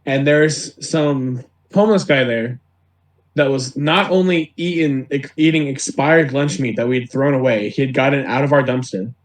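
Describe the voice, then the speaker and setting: A young man, a podcast guest, telling retail stories in an animated way, laughing as he goes. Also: medium pitch, moderate pace. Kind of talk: casual podcast storytelling. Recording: echoey room.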